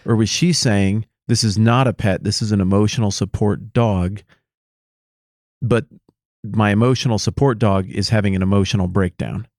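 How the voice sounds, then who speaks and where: Joking man asking quick questions. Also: fairly low pitch, steady tone, a little mellow, no echo, studio quality. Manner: joking, incredulous follow-up questions. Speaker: podcast co-host. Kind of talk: casual chat.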